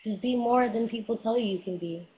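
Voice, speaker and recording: A woman's voice: fairly high pitch, a little fast, warm tone, rough recording. A young woman rapper chatting casually with fans on a livestream, hyped and profane, giving motivational talk into a webcam mic.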